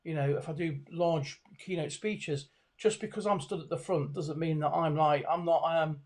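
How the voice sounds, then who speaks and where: A middle-aged man with a somewhat high voice talks as an expert guest over a webcam call. He hesitates often, restarting phrases and filling gaps with ums and you-knows. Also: steady tone, moderate pace, darkish tone. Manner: hesitant, many fillers and restarts. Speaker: body language expert guest. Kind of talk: conversational video call interview. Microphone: video call webcam.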